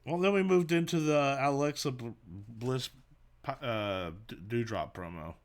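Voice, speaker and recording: A man's voice: medium pitch, measured pace, gravelly. A man with a Texan accent co-hosting a wrestling podcast, recapping the show in a laid-back, joking way. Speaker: podcast co-host. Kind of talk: casual wrestling recap chat.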